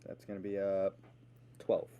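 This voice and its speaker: A man playing in a tabletop game, making low-key, dry remarks over noisy call audio. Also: monotone, unhurried, muffled recording. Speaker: player. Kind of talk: casual tabletop game banter.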